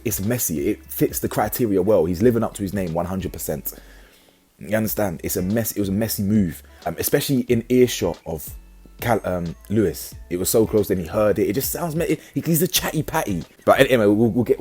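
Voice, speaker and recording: A low-voiced man talks through a reality show episode in an animated, slangy way. His voice is husky, and he keeps restarting his sentences. Faint music plays underneath. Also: brisk. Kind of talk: casual commentary.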